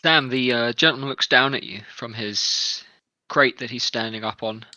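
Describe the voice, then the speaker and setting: Man GM, bright voice, dry close mic, casual narration. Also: medium pitch, moderate pace, dry recording. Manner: easygoing, chatty, stumbles over words. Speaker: game master. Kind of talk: narrating a tabletop game.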